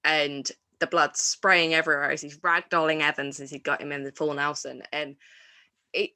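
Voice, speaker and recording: A woman's voice: sits low, little pitch movement, moderate pace, bright, forceful tone, no echo. A woman hosting a wrestling review show, chatting casually and enthusiastically, rambling with restarts and fillers. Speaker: wrestling podcast host.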